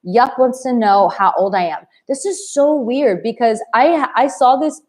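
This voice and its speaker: A woman's voice: a little high, unhurried, a little mellow. A woman in her late thirties, a dating coach talking in a live stream, blunt and effusive as she reads viewers' comments aloud. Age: 30s. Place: home in Bali.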